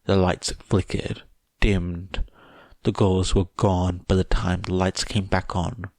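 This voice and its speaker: A man reading fan fiction aloud as a podfic narrator, in a measured, even way. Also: low-pitched, vocal fry, no echo. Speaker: podfic reader.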